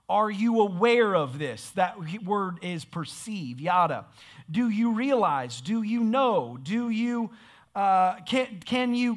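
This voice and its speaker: Male pastor, very high voice, emphatic, repetitive preaching from a church stage mic. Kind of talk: sermon. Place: church sanctuary.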